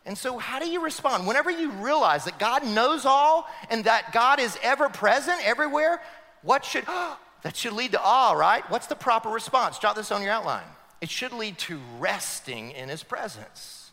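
Male pastor preaching, high lively voice, bright edge, long hall reverb. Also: normal speed. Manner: animated, leads the congregation in call-and-response. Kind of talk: sermon. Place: church sanctuary.

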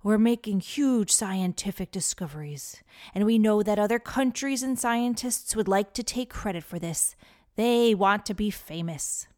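A woman's voice: medium pitch, expressive, unhurried, a little mellow, no room sound, studio quality, close to an everyday voice. A woman voicing a serious male volcanologist in a children's story. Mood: grave.

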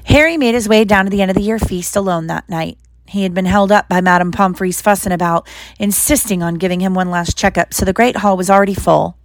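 Woman narrator for a storybook reading, steady, dry close sound. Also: mid-range voice, brisk, no room sound. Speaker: reader. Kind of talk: reading a novel aloud.

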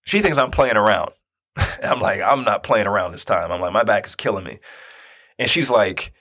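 A man in his forties telling a personal story in a conversational, animated way, often checking in with his listeners. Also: on the low side, brisk, husky. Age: 40s. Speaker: speaker and youth basketball coach.

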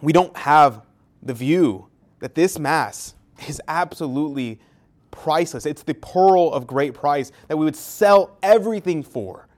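A man's voice: on the high side, lively intonation, a little slow, a little mellow. A man giving an earnest, emphatic Catholic teaching talk with a story. He often restarts and repeats words. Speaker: Catholic speaker.

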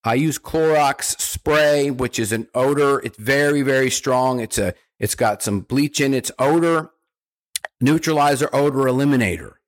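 A man's voice: mid-range voice, normal speed. A man, a dog trainer, explaining house training in plain, repetitive steps, lifting his voice when acting out praise. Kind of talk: instructional talk.

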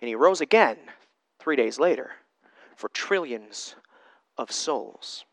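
A man's voice: mid-range voice, expressive, takes it slowly, no echo. A man preaching an informal sermon in an emphatic way, repeating rhetorical questions to drive his points home. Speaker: Christian preacher.

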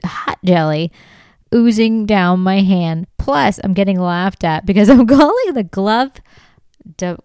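A woman's voice: on the low side, creaky, darkish tone, smooth, dry recording, studio quality. A middle-aged woman hosting a comedy podcast, telling a story in a casual way and laughing often as she talks. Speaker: podcast host.

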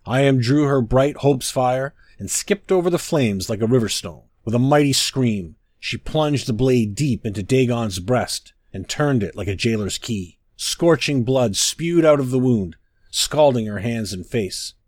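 A man's voice: mid-range voice, expressive, a little slow, darkish tone, dry recording. A man giving a solemn, declamatory scripted reading of an old sermon. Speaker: narrator.

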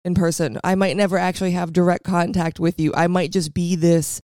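A young adult woman with a raspy voice and a valley girl lilt, hosting a podcast in a casual, reflective monologue. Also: lowish voice, level tone, fairly quick, darkish tone, no room sound, studio quality. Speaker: podcast host.

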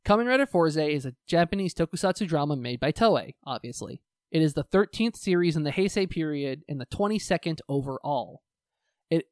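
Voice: mid-range voice, no echo, studio quality. A podcast co-host chatting casually, swearing often and ranting with energy about shows they love and hate. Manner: profane, animated ranting.

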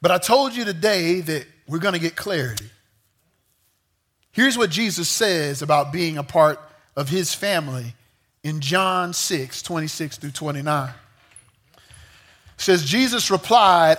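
A man preaching a sermon to a young crowd, telling a story with lively, joking asides. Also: sits high, unhurried. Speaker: youth pastor.

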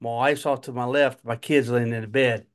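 A man telling a family story in a measured, dry way on a podcast. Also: mid-range voice, fairly even intonation, clean tone. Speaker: podcast co-host, father. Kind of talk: casual storytelling chat.

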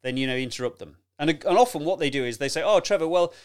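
A man coaching on presentation skills in a chatty, animated teaching talk, addressing the listener directly and laughing often. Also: mid-range voice, quick pace, clean tone.

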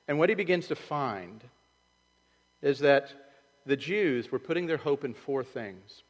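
A man's voice: on the high side, animated, unhurried, big-room sound, poor audio. A man preaching a sermon as pastor, in a loose conversational way that acts out the voices he quotes. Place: church sanctuary.

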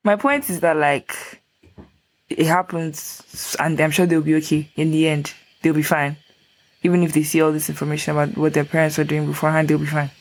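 A young woman co-hosting a podcast in a relaxed chat. Her voice sits low with a gravelly fry, and she fills her talk with "like" as she works her way through a point. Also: brisk. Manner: chatty, many fillers like "like". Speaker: podcast co-host. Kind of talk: casual chat.

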